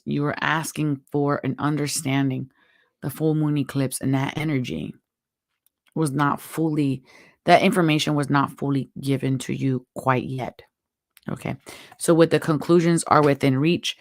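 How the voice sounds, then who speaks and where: Host of a live tarot stream: gravelly, close and dry, throat worn out, chatty and encouraging. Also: medium pitch, no echo. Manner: chatty, encouraging, spiritual advice. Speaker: tarot reader and show host.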